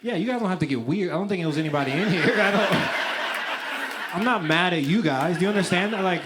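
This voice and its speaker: Animated young man doing stand-up. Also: high voice, fairly quick, very noisy. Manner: animated storytelling, laughing through punchlines. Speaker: stand-up comedian. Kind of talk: stand-up set. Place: live comedy venue with laughing audience.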